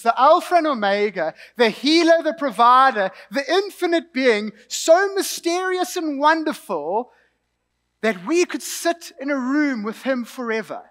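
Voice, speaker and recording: Young south african man preaching, high voice, chatty storytelling sermon. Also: a bit bright, long reverb tail. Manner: conversational storytelling with asides and light laughter.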